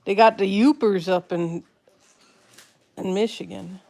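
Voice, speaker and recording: A woman's voice: medium pitch, steady tone, a little slow, creaky, mellow. A woman hosting a casual livestream, reading out viewer comments and repeating words back in a playful, questioning way. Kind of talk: casual live-stream chat.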